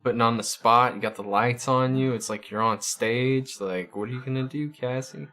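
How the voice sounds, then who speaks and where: A man's voice: mid-range voice, sharp tone. Guy hosting a stream, chill chatty talk, keeps tripping over his words and repeating. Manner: halting, often repeats words. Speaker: livestream host. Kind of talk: casual chat with viewers.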